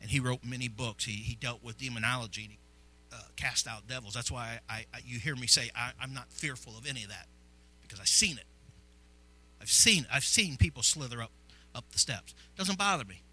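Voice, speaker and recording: A man from Illinois preaching a sermon as pastor, fervent and repetitive, swinging from hushed confession to loud exclamations in a church sanctuary. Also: medium pitch, brisk, rough recording.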